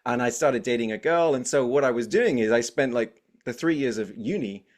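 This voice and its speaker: An English man in his forties talks as a guest in a relaxed interview. He is energetic and talkative, and he tells his stories in a lively, animated way. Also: mid-range voice, a little fast. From England. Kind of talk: casual interview chat.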